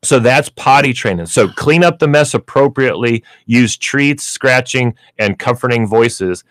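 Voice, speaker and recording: A man's voice: medium pitch, animated, measured pace, no room sound. A man hosting a pet store radio show, explaining pet training in a chatty way with lots of fillers, in a radio studio. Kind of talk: radio pet advice talk.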